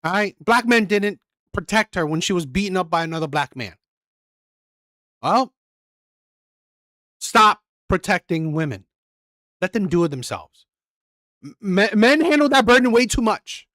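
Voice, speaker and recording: A woman's voice: mid-range voice, big pitch swings, measured pace, pauses often, a bit bright, no echo, clean studio sound. A woman hosting a reaction channel, ranting angrily and profanely, repeating herself as she comments on a clip. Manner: heated, profane ranting with repetition.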